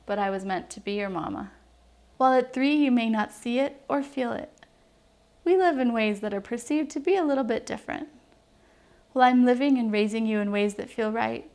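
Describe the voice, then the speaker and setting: A woman's voice: fairly high pitch, a little mellow. A woman from New Mexico, around her thirties, reading a heartfelt, personal letter to her young daughter in an earnest, reflective way.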